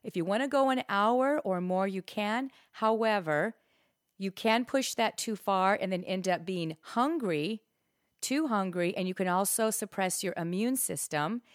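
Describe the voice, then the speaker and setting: A woman's voice: mid-range voice, measured pace, no room sound. Middle-aged female fitness host, upbeat and emphatic, casual coaching delivery, dry close mic. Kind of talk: casual instructional talk.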